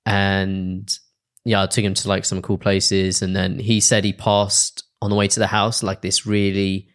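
Low-voiced young man telling stories. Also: completely flat delivery, measured pace. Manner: rambling storyteller, laughs often. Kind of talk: casual chat.

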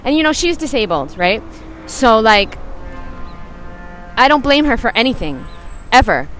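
A woman's voice: fairly high pitch, big pitch swings, measured pace, fairly bright tone, faint music behind. A woman in her forties telling a personal story as a motivational podcast host, earnest and emphatic, speaking straight to her listeners.

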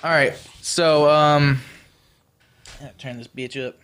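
A man's voice: fairly high pitch, fairly even intonation, takes it slowly, a bit bright, smooth. A man co-hosting a podcast in casual chat, joking and swearing loosely as he runs through plugs and intros. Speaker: podcast co-host.

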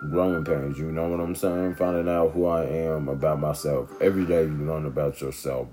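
Slight background noise sits under this man's darkish bass voice. He's a vlogger talking to camera, laid-back and rambling, who keeps checking in with his audience by asking "you know what I'm saying."

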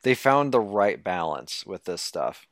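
A man's voice: sits low, sing-song, a little slow, a bit bright, no room sound, clean studio sound. A man in casual podcast chat, easygoing and hesitant, often stopping to correct himself. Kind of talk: casual chat about a video game.

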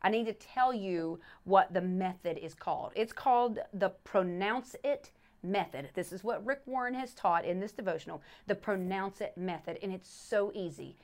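A middle-aged pastor's wife co-hosts a faith podcast, earnestly explaining a Bible study method in casual teaching. She restarts often and repeats scripture, stressing each word, in a medium-pitched, darkish voice at a moderate pace.

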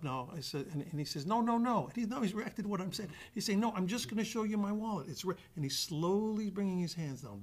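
A man telling a guest anecdote in an animated way, acting out the voices of the other people with frequent restarts. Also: a little high. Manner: acts out quoted dialogue with restarts. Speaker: actor guest.

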